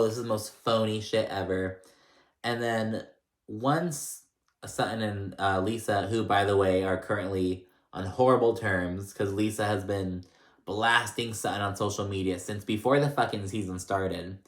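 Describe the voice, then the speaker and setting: A man's voice: fairly low pitch, fairly even intonation, unhurried. Gossipy man recapping in an echoey room. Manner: gossipy and blunt, heavy on "like" and swearing. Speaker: show recap host. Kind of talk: casual reality TV recap.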